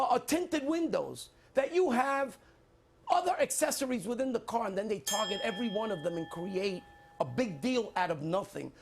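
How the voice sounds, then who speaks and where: A man's voice: high voice, vocal fry. A middle-aged man answering in a televised debate as a candidate, defensive and insistent, repeating his points.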